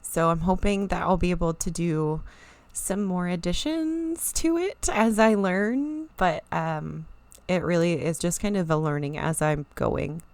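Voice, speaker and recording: A woman's voice: on the low side, clear, resonant tone, no echo. A woman streamer chatting casually and emotionally to viewers, rambling and near tears. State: teary, near crying. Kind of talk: casual live-stream chat.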